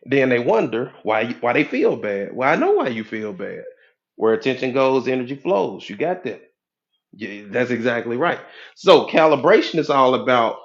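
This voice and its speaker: A man giving a preachy, animated motivational talk as a life coach, acting out the voices of people he quotes. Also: medium pitch, lo-fi sound. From United States.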